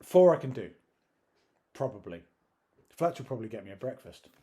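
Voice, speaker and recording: Casual guy co-hosting, jokey and rambly, keeps restarting his sentences, mid-pitched voice. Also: big pitch swings, moderate pace, warm tone. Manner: rambling, self-correcting, jokey. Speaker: co-host. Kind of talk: casual chat.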